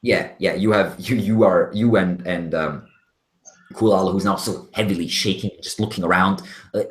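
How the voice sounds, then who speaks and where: Game master, male, very low voice, halting descriptive narration in an echoey room. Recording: roomy echo.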